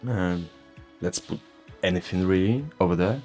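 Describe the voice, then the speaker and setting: He has a low, slightly mellow voice and a moderate pace. Originally from Poland and a first-language Polish speaker with the accent to match, this tech vlogger talks casually, repeatedly laughing at himself in a self-deprecating way over faint background music.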